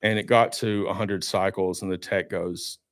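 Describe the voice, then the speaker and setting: A man telling a story as a podcast guest in a studio, animated and talkative, acting out his own reactions. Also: deep voice, normal speed, no room sound. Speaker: guest, marine winch maker. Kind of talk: casual studio podcast chat.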